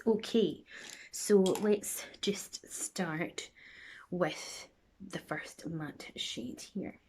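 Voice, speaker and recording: A Scottish woman in her thirties talks through her makeup routine in a rambling, chatty way. Her voice sits a little low, and she often drifts down to a near whisper. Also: extremely slow, darkish tone, breathy edge. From Scotland. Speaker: makeup vlogger.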